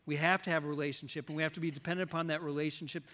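Male pastor, sermon, fairly high voice, forceful and bright, long hall reverb. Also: little pitch movement, rapid-fire. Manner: questions the congregation, swings between loud and soft.

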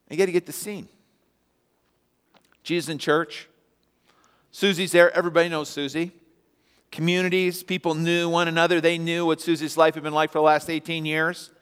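Man, pastor, sermon, animated storytelling, calls on the congregation, slightly high voice, long church reverb. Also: normal speed, long pauses, clear, resonant tone. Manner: animated storyteller, rising to emphatic peaks; asks the congregation to answer and respond. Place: church sanctuary.

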